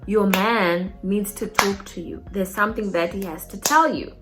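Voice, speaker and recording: A woman voicing an earnest young man who passes on an urgent message in a low, quiet voice. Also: moderate pace, music in the background, lightly acted.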